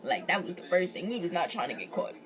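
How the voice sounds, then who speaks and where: A woman's voice: on the low side, fast. A young woman vlogger casually telling a personal story, slangy and profane, acting out what people said. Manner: animated, slangy, profane, acts out quotes.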